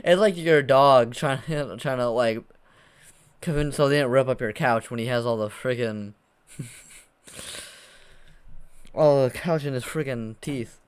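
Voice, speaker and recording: Man, reaction host, casual commentary, incredulous, laughing, clear smooth voice. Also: mid-range voice, unhurried, pauses often. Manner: incredulous, laughing, swears freely. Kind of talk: casual commentary over a video.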